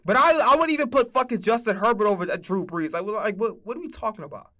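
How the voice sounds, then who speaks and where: Young male streamer, high-pitched and emphatic, profane casual football rant. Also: fast talker, bright, forceful tone.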